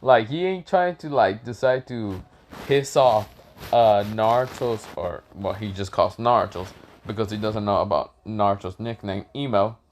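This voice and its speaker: A man's voice: on the low side, normal speed, a little hiss or hum. A man casually retelling a fan story, rambling with lots of fillers and cursing. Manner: rambling, with many fillers and profanity.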